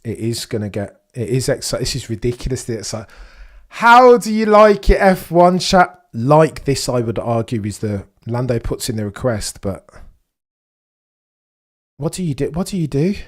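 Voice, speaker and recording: Young male streamer, casual and excitable, mid-pitched, talks straight to chat. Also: normal speed. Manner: excitable, chatty, addresses chat directly, rhetorical questions. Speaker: livestream watchalong host. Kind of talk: live race watchalong commentary.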